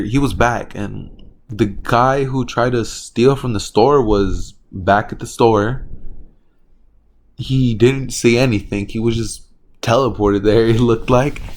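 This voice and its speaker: A man's voice: medium pitch, darkish tone, a little hiss or hum. A young man telling a fan-fiction story off the cuff on his small channel, rambling with lots of fillers and self-corrections. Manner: rambling, filler-heavy, loose and offhand. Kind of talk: casual improvised fan-fiction narration.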